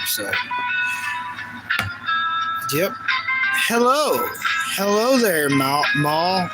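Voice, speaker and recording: A man's voice: high-pitched, lively intonation, slow pace, pauses often, low-quality recording. A man from the United States live streaming in casual chat, repeating himself and greeting viewers one by one. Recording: loud music playing behind. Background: loud background music.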